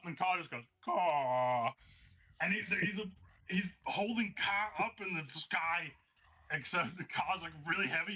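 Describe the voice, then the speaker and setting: Excitable man narrating a tabletop fight. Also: high voice. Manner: excitable, laughing, vivid play-by-play. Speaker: game master.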